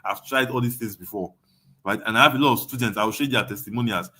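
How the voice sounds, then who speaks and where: A man's voice: lowish voice, quick pace, pushed and bright, breathy edge. Emphatic Nigerian man teaching a webinar. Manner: emphatic, repeats phrases, asks "you understand?". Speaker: online course tutor.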